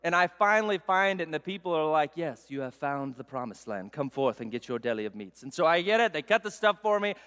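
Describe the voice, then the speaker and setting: Male pastor, lively sermon storyteller, higher register, long reverb. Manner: animated, self-mocking storyteller.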